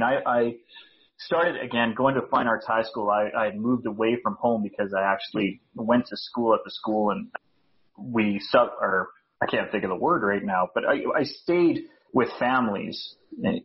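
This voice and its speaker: A man's voice: lowish voice, dull audio. A Canadian man, a guest on a casual podcast interview, talking in a chatty, self-deprecating way and laughing easily. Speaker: guest, speaker coach.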